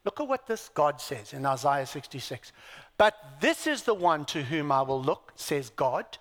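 Slow, animated preacher in a hall. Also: male voice, on the high side. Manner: emphatic, asks the audience rhetorical questions; dry self-deprecating asides. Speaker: pastor. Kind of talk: sermon.

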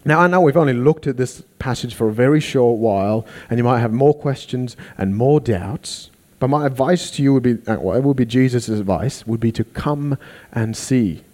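Animated preacher, mellow voice. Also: male voice, medium pitch, moderate pace. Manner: animated, acts out quoted voices. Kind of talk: sermon.

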